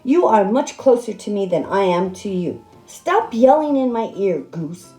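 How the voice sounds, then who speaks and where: Lady doing a fussy boastful boy duck, storybook style, bouncy and soft-toned. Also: mid-range voice, animated, normal speed, soft background music, natural voice. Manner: huffy and boastful. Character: bossy, fussy male duck. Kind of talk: storybook read-aloud.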